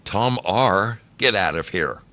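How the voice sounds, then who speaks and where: A man's voice: sits low, animated, slow pace, pushed and bright. A middle-aged man hosting a live stream, greeting chat by name and telling laid-back, swearing work stories.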